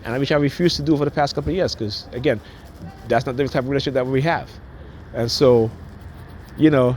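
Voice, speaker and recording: A man's voice: medium pitch, darkish tone, a little hiss or hum. A man talking casually to his viewers in a rambling, repetitive way, restarting sentences and chuckling now and then. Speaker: vlogger. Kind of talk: casual monologue to camera.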